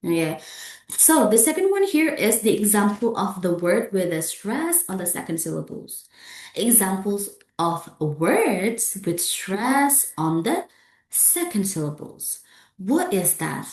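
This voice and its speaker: A woman's voice: mid-range voice, very animated, takes it slowly, a little mellow. A woman with an Indonesian accent teaching English pronunciation, drilling words aloud and checking in with "okay?" and "yeah?" between them. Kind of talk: classroom lecture with repeated model words. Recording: echoey room.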